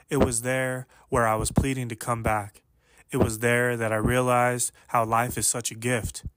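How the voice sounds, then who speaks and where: A man telling a personal story as narrator, in a slow, earnest and measured way. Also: medium pitch, fairly bright tone, dry recording.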